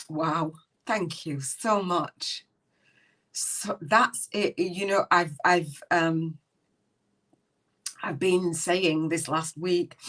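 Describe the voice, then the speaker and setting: Brief: middle-aged woman host, low voice, earnest and rambling, mic a bit distant. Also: fairly even intonation, a little slow, fairly bright tone. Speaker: podcast host. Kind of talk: live spiritual business podcast.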